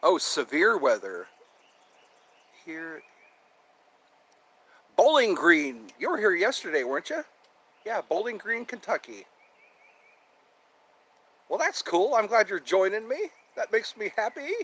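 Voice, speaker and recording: A man's voice: high-pitched, very animated, slow, pauses often, a bit bright, slightly rough. A man hosting a casual live stream outdoors, cheerful and chatty, repeating himself as he greets viewers. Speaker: livestream host. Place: outdoors in nature with birdsong. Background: birds chirping.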